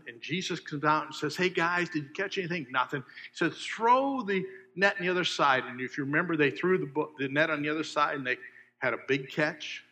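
A man preaching a sermon, asking his listeners questions and swinging between loud emphasis and hushed asides. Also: fairly high pitch. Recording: long hall reverb.

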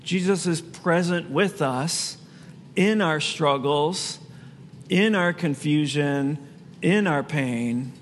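A man's voice: fairly high pitch, slow, long reverb tail, a little hiss or hum. A man preaching a sermon as pastor, in a conversational way with asides he laughs at himself.

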